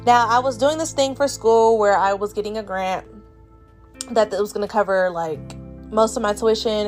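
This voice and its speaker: A woman in her twenties hosting a podcast, telling a story in a blunt, profane, exasperated way. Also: medium pitch. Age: 20s. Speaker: podcast host. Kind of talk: casual storytelling monologue.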